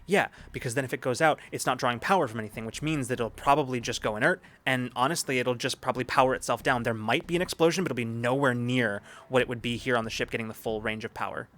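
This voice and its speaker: A man's voice: medium pitch, fast talker, few pauses, a bit bright. A man narrating as game master of a sci-fi tabletop game, describing scenes in a rambling way with many restarts.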